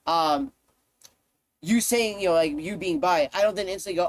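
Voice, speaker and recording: A man's voice: sits high, moderate pace, no echo. A man live-streaming, ranting to his chat in a heated, profane way, often repeating himself.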